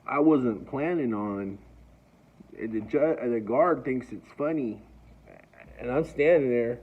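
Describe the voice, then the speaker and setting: A man's voice: medium pitch, takes it slowly, breathy edge. A man telling a personal story in a casual, rambling way, often stammering and restarting. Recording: dull lo-fi recording.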